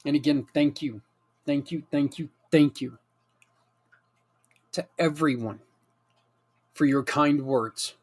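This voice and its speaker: A man's voice: fairly high pitch, slow, long pauses, slightly rough. A man hosting a community show, making a heartfelt, plain-spoken appeal and sounding close to tears. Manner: earnest, emotional, plain-spoken pleading. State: near tears. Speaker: host and nonprofit founder.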